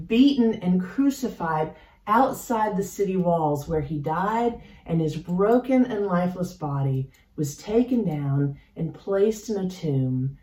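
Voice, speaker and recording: A woman pastor delivers a sermon at an unhurried, deliberate pace, pausing for effect. Her voice is mellow and a little low. It sounds roomy, picked up from some distance across a church sanctuary. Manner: slow, measured and reflective, with dramatic pauses.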